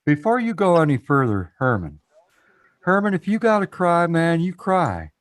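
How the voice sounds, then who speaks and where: On a casual live stream panel, a man with a voice on the high side and big pitch swings talks at normal speed. He's encouraging, nudging guests to come up and speak, repeats himself a lot and addresses the chat head-on.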